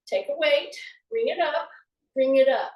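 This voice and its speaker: A woman's voice: high-pitched, unhurried, distant mic, highs cut off. A woman fitness instructor, leading a live exercise class and talking chattily as she demonstrates the moves. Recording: echoey room, voice from off the mic.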